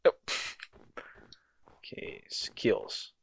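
A gaming host giving dramatic, excitable let's play commentary, yelping and groaning at each failure. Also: drawn-out words, no room sound.

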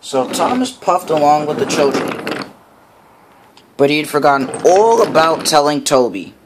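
Storyteller, male, lively rising and falling pitch, higher voice, laughs between lines. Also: normal speed, background noise. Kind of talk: fan storybook narration.

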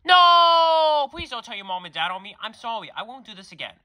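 A man's voice: high-pitched, lively intonation, racing, bright, forceful tone, voice pushed up, heavily acted. A man voicing a bratty young girl who taunts others and whines when caught. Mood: pleading.

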